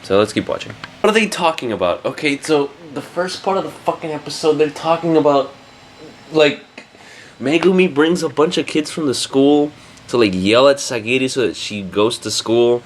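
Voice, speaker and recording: A man's voice: a little high, animated, moderate pace, a little hiss or hum. Crude exasperated man reacting to anime. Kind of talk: casual reaction commentary.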